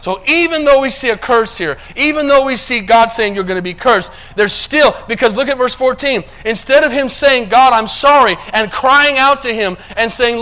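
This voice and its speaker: A male pastor preaching a sermon, checking that the congregation is following and moving between quiet asides and loud, emphatic stretches. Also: very high voice, moderate pace, hardly any pauses.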